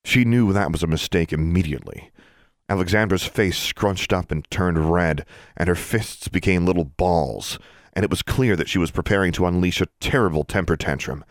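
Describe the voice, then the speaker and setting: A man reading a story aloud as a narrator, in even, measured storytelling. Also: sits low, dry recording, clean studio sound. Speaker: audiobook narrator. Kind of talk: scripted narration.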